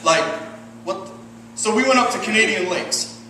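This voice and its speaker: A man in his thirties from Michigan doing a stand-up set, deadpan and profane with self-deprecating asides. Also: high-pitched, moderate pace, a crowd in the background. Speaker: stand-up comedian. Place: comedy club stage with audience. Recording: roomy distant club recording, loud ambience.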